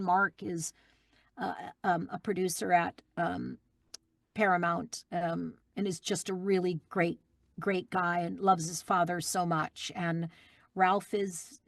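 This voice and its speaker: A middle-aged woman, a guest voice actress, chatting in an interview and telling lively stories with plenty of fillers. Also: fairly low pitch, a little slow, dry recording, studio quality. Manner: warm, animated storytelling with fillers. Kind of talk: casual interview chat.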